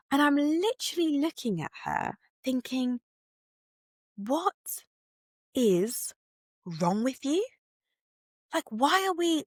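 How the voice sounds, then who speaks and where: A woman's voice: medium pitch, a bit bright, no echo. Chatty woman podcaster, dry close sound. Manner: chatty and candid, with many "like" and "you know" fillers. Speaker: podcast host. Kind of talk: solo podcast, personal storytelling.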